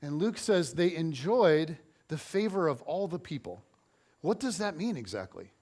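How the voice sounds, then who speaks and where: A man's voice: on the high side, normal speed. A man in his forties preaching as a pastor, telling personal stories in a chatty, self-deprecating way with playful humor. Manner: playful humor, animated storytelling. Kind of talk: conversational sermon with personal stories.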